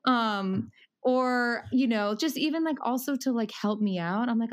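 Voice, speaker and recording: A woman's voice: a little high, a little slow. A woman in her thirties talking casually as a podcast guest, rambling with many fillers and frequent laughs.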